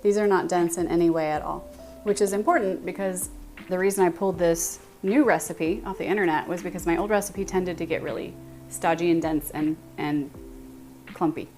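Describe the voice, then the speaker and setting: A woman's voice: on the low side, steady tone, fairly quick, a little mellow, soft background music. A woman with a Texan accent hosting a casual baking livestream, chatting and thinking aloud as she greets her viewers by name in her home kitchen.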